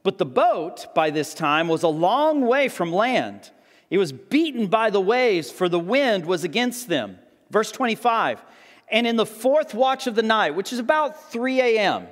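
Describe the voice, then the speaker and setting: High-voiced man preaching in a reverberant hall. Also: very animated, unhurried. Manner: conversational, acts out the disciples' voices. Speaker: pastor. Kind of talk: sermon.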